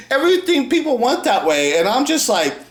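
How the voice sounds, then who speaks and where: Rambling, profane man in an echoey room. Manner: rambling, profane, keeps adding "right?" and "and shit"; frequent laughs, swings between loud outbursts and low mutters. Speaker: video maker. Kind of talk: rambling monologue to camera. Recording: roomy echo.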